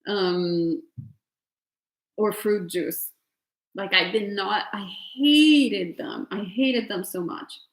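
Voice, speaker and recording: A woman's voice: medium pitch, drawn-out words. A woman with an Italian accent, a meditation teacher answering retreat questions in a chatty way with lots of fillers and laughter. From Italy. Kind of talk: casual Q&A at an online retreat. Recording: roomy echo.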